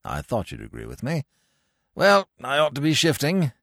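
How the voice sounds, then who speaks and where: A man's voice: medium pitch, wildly swooping pitch, moderate pace, vocal fry, a bit bright, no room sound, clean studio sound, heavily acted. A man voicing a foolish, cheerful young English toff with a plummy upper-class drawl. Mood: chummy.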